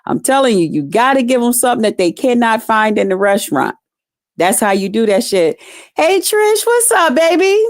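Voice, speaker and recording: A woman's voice: on the high side, sing-song, moderate pace, no echo. A woman vlogging to camera, telling stories bluntly and with plenty of swearing while chatting with live viewers. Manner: blunt, salty, talks straight to viewers. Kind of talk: casual profane storytelling to camera.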